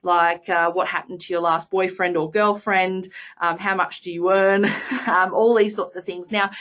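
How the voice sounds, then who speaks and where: An Australian woman giving a chatty, self-deprecating webinar talk on sales, filling her pauses with ums and uhs. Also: lowish voice, a bit bright, dull audio. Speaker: sales training presenter. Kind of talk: webinar presentation.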